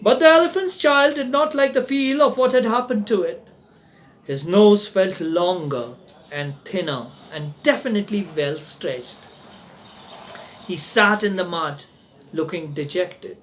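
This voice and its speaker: A man's voice: sits high, unhurried, a bit bright, slight background noise. A man reading a classic children's story aloud as narrator, sing-song and explaining words for young listeners.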